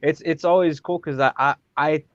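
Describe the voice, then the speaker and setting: A man's voice: on the high side, fairly even intonation, moderate pace, dry recording. A man talking as a guest fighter in a casual podcast chat, rambling with lots of fillers and self-corrections. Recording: dull lo-fi dry sound.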